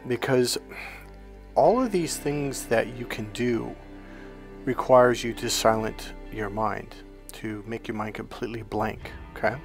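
Man, spiritual coach, casual rambling monologue, mid pitch, faint background music. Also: measured pace. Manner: conversational, checks in with "okay?"; rambling anecdotal storytelling.

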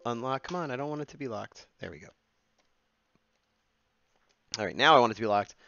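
A man's voice: medium pitch, expressive, very fast, creaky, dull audio, soft background music. A man streaming himself sketching, muttering and humming as he draws and chatting to viewers in a casual way. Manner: mutters and hums to himself while drawing, then turns to chat brightly. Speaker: streamer sketching and taking requests. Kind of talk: casual live-stream chat while drawing.

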